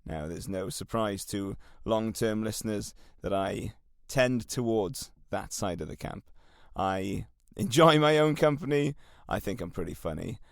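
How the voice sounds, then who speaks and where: A Welsh man with a slightly low voice talks listeners through self-help advice in an earnest, encouraging way. His voice sounds dry and close, with no room around it. He talks like a steady coach on a solo podcast. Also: a little slow, creaky, few pauses, no room sound. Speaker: podcast host.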